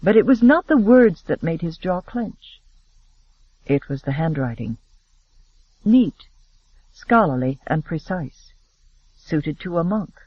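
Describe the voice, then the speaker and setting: A male narrator with a notably high-pitched voice reads a romance audiobook with steady, expressive pacing. The sound is very dry and close. The audio is slightly muffled, lacking top-end sparkle. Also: takes it slowly, pauses often, no echo.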